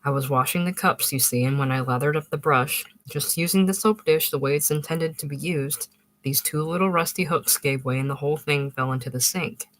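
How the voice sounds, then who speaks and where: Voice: medium pitch, brisk, fairly bright tone, natural voice. A reader voicing a proud, touchy husband recovering from illness, speaking with stiff dignity and defensive explanations in an audiobook. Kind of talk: audiobook reading.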